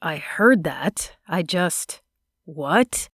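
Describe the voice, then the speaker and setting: An earnest, smitten young man from a romance audiobook, as a woman narrator lowers her voice for him. He speaks slowly and tenderly. The recording is dry and close, with no room sound. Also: dry recording. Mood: stunned. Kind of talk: audiobook character voice.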